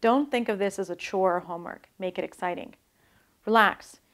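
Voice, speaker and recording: Calm woman explaining language learning. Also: medium pitch, moderate pace. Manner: calm, explanatory, demonstrates pronunciation. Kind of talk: scripted instructional talk.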